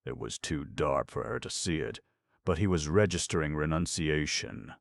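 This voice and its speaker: A man reads a comic novel aloud in a measured, expressive audiobook narration. His voice is extremely low with a gravelly edge, his intonation rises and falls freely, and the recording is dry and close. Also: dry recording. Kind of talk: scripted narration.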